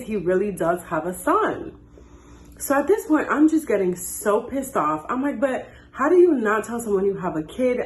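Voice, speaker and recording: A woman in her twenties telling a dating story in a casual, animated way and acting out the dialogue. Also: mid-range voice. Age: 20s. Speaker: storytime host. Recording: echoey room.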